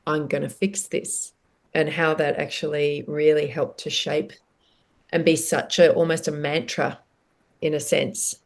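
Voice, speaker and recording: A woman hosting an interview podcast who responds gently and with empathy to her guest. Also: deep voice, flat delivery, measured pace. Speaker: podcast co-host. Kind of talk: conversational interview.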